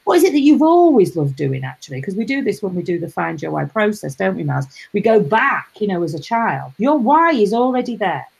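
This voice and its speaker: A middle-aged woman hosting a casual live chat, rambling warmly and greeting viewers. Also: medium pitch, big pitch swings, a little fast, gravelly, few pauses, slightly rough, poor audio. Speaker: host.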